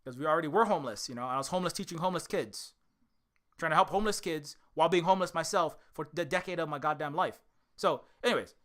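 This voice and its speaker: A man from Hawaii, an indie game developer, delivering a heated, profane rant to camera, repeating himself and swinging from shouting to weariness. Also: on the high side, fast talker. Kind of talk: direct-to-camera angry rant.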